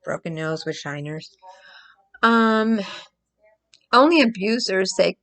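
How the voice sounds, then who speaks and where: Vlogger, woman, mid-pitched voice, casual and emphatic, repeats lines for stress. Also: lively intonation, slow pace, pauses often, a bit bright. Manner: emphatic, repeats herself, acts out crying. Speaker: vlogger commenting on a trial. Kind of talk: casual commentary to camera.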